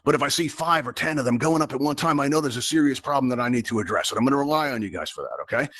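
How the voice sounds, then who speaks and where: A man hosting a live game show at a rapid clip, talking straight to the crowd. He rambles, piles up asides and keeps up a showman's patter. His voice sits in a middling register and comes through a headset microphone. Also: mid-range voice, animated, fairly bright tone. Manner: chatty, rambling showman addressing the audience. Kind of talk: live virtual event hosting.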